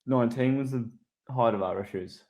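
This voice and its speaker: A man's voice: mid-range voice, fairly quick, warm tone. A man, a podcast co-host and former pro cyclist, chatting casually with dry, wry remarks. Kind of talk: casual chat.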